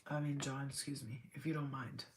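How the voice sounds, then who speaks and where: A woman's voice: rumbling low, steady tone, a little fast, background noise. A woman medium giving a live channeled reading, rambling and emotional as she speaks to a spirit and to her client.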